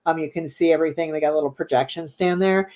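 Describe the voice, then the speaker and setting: A woman's voice: low voice, fast talker, a little mellow. A woman owner of a haunted venue, chatting casually as a guest and rambling with many ums. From Midwestern United States. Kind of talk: casual interview chat.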